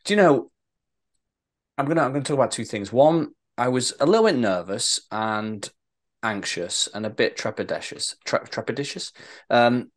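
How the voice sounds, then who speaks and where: A man's voice: medium pitch, animated, moderate pace. A man from Lincolnshire, co-hosting a podcast in casual, playful, teasing chat. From Lincolnshire, England. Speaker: podcast co-host.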